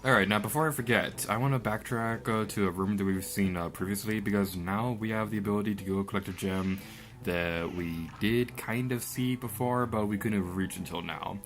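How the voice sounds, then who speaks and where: A man's voice: lowish voice, moderate pace, fairly bright tone, soft background music. A young man from Florida hosting a let's play, rambling through game commentary and yelping and laughing at the action.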